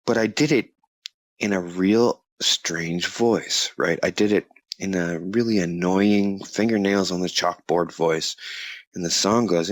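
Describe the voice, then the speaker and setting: Man, low voice, dry close sound, rambling, fillers, chuckling interviewee. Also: no room sound. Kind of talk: casual interview talk.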